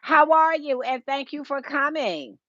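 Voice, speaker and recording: A woman's voice: high voice, animated, a little slow, a bit bright, dry recording, muffled recording. A woman, hosting a casual home decor livestream and chatting with viewers by name, recorded through a Bluetooth earpiece. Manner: chatty, greets viewers by name, laughs often.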